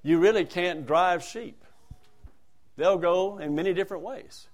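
A male preacher delivers a sermon, dropping into soft, quiet asides and then rising to loud, emphatic lines. He reads scripture in a raised, declaiming voice, which sits high and moves unhurriedly.

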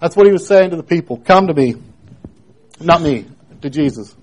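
A man preaching a sermon in a plain, homely way, dropping to quiet questions and rising loud when reading scripture. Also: on the high side, animated, moderate pace, low-quality recording. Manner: homely, plain-spoken with repeated phrases.

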